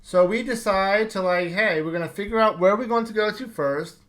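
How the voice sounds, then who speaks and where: A middle-pitched voice telling a tabletop game session from the tavern owner's side. The talk is profane and exasperated, full of swearing, and it jumps into quick quoted bits of the other players. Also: a bit bright. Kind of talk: profane comedic session recap.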